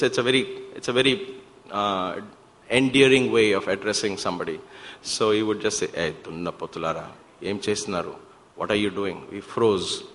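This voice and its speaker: Male speaker, storytelling talk with acted-out quotes, mid pitch, reverberant hall sound. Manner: animated, acts out quoted voices, restarts often. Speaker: speaker at a spiritual center. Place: devotional center hall.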